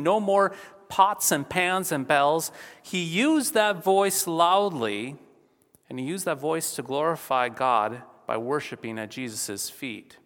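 A pastor reads scripture and preaches in a slightly high male voice. He stresses points by growing louder, then drops back down. His voice carries the long reverb of a church. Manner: emphatic, varies volume for effect. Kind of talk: sermon.

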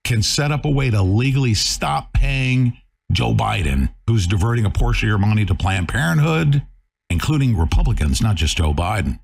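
Gravelly, ranting talk show host man. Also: on the low side. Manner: fiery, combative, swings between shouting and muttering. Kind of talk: bombastic talk radio rant.

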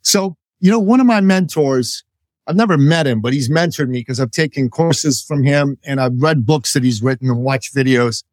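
A man's voice: mid-range voice, normal speed, darkish tone, no echo, clean studio sound. A man who is an author, a guest on a business podcast, explaining ideas in a confident, upbeat coaching manner. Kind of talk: interview answer, explaining concepts.

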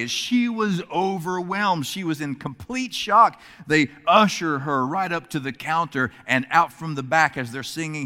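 A male preacher telling a story in a sermon, animated, shifting his voice to act out the characters, heard in a church hall. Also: a little high, a little slow. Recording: long hall reverb.

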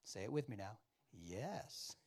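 A man's voice: mid-range voice, moderate pace. Guy preaching a sermon, voice swings all over, acts out the dialogue, keeps asking the crowd stuff. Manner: animated, acts out biblical dialogue with wide swings in loudness; addresses the congregation with questions and asides. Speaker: pastor.

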